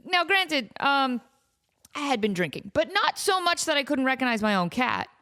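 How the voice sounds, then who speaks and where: A woman's voice: high-pitched, moderate pace. Chatty woman hosting a comedy podcast. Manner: animated, laughs often, voices her cat in quoted asides. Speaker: podcast host. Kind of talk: comedic casual monologue. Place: home in desert valley.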